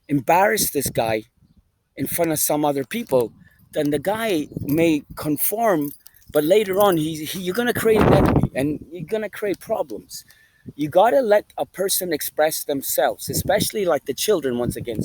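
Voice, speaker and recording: A man's voice: on the high side, darkish tone, a little hiss or hum, low-quality recording. A man vlogging outdoors in a park, swearing constantly and rambling in a preachy, emphatic way. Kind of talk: rambling casual monologue.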